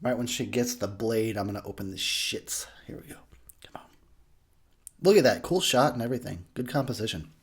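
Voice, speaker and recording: A man's voice: fairly low pitch, fairly quick, slightly rough. A drunk man giving a rowdy, profane movie commentary, laughing a lot.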